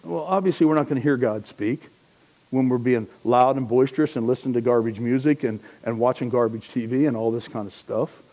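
A man preaching a sermon as pastor, conversational and joking, swinging between loud emphasis and hushed asides. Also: mid-range voice, a little fast, poor audio.

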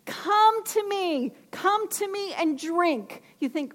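A woman's voice: very high voice, expressive, slow, few pauses, a bit bright. A woman preaching a sermon with emphasis, asking her listeners questions.

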